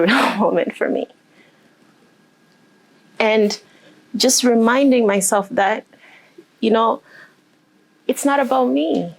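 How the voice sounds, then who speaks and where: A woman speaking as a motivational speaker, telling a personal story with emotion and then guiding a group through deep breaths and affirmations. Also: vocal fry. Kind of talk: motivational talk to a live group.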